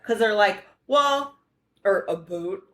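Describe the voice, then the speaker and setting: A woman from the United States telling a story on a podcast, animated and profane, acting out the dialogue as she goes. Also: medium pitch, slow. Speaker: podcast co-host. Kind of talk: casual storytelling chat.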